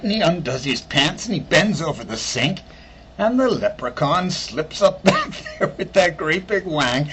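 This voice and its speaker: A man telling a joke in a loose, chatty way with plenty of fillers. His voice sits high and moves about widely, with a faint hum behind it. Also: unhurried, rough recording. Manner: lively, chatty storytelling with fillers. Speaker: joke teller.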